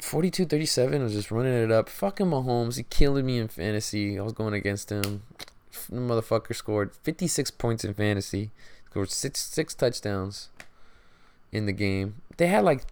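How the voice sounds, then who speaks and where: A man's voice: lowish voice, brisk, darkish tone, smooth, dry recording. Profane, frustrated man ranting. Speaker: podcast host. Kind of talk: casual sports chat.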